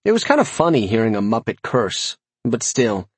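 A man's voice: medium pitch, very animated, normal speed, slightly rough, dry recording. Wry man narrating a fantasy audiobook. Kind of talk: first-person fantasy narration.

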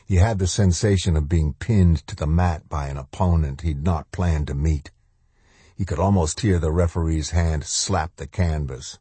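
Deep, husky male audiobook narrator. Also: mellow, no room sound. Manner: low, measured and grave.

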